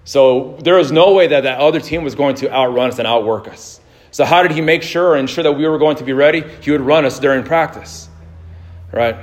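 A man's voice: mid-range voice, a little fast. Man, 30s, pastor, loose conversational sermon delivery, mid-range voice. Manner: casual, anecdotal, laughs easily, many restarts.

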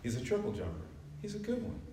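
Heard from afar in a very echoey church sanctuary, this man in his 40s, a preacher who also coaches track, preaches conversationally, joking and laughing often. His mid-range, mellow voice swings hugely in pitch at a quick pace, with a little hiss or hum.

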